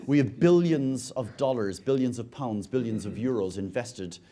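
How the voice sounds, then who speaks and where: A man's voice: mid-range voice, normal speed, dark tone. An Irish man speaking on a conference panel, often stumbling and repeating words as he restarts his sentences. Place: conference stage.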